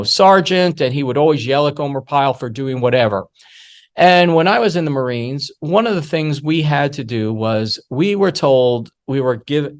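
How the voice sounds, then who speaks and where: A middle-aged man giving a workshop masterclass on security awareness, telling stories in a lively way and acting out the voices he quotes. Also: on the high side.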